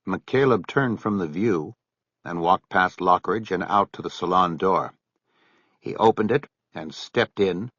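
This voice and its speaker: A man reading an audiobook as narrator in an expressive storytelling way. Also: sits low, breathy edge, dry recording, highs cut off. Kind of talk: scripted narration.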